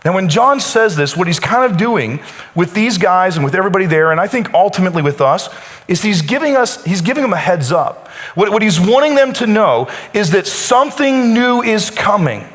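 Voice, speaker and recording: A man preaching in a church, his fairly high voice trailing off a long reverb through the hall. He tells the story with dramatic pauses and slips into the voices of the people he quotes. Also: big pitch swings, fairly bright tone. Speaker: pastor. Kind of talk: sermon. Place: church sanctuary.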